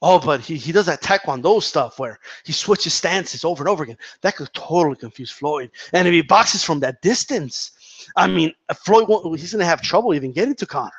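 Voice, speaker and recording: A man doing a mocking impression of a podcast host, with a lower, hesitant and mumbling voice. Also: lively intonation, brisk, husky, dry recording, dull audio.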